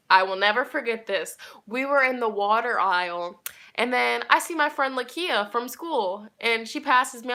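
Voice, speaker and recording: A woman's voice: fairly high pitch, pushed and bright. A young woman chatting to her viewers in a rambling, casual storytime, talking straight to them as she goes. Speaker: tarot reader and vlogger.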